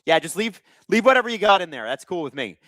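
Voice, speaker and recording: A young man chats casually through a live watch-along stream, reading viewer comments aloud and cracking jokes. His voice sounds bright and forceful, with a fairly high pitch that swings widely. The sound is dry and close. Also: big pitch swings, fast talker, dry recording. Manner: chatty, reads viewer comments aloud, joking. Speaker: livestream host.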